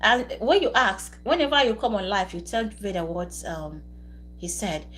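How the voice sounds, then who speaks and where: A woman's voice: medium pitch, lively intonation, normal speed, a bit bright, low-quality recording. A woman hosting a live stream, chatting casually with viewers, teasing them and laughing often.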